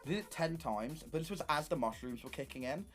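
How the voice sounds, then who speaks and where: A young man streaming, telling stories in casual chat, animated and swearing often. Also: a little high, fast talker, soft background music.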